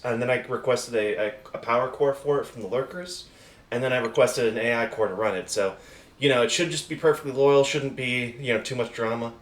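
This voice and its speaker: A man's voice: medium pitch, echoey room, lightly acted. A man voicing a chatty, hesitant male job broker who rambles with many fillers.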